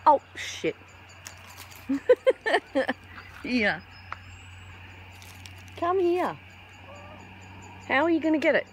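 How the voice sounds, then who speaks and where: A woman's voice: high voice, big pitch swings, very slow, long pauses, slight background noise. A young woman outdoors, cooing pet talk at wild birds with muttered asides to a handheld camera. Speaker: vlogger feeding wild kookaburras. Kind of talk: casual outdoor chat to animals and camera. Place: outdoors among trees. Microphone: handheld camera held to the side.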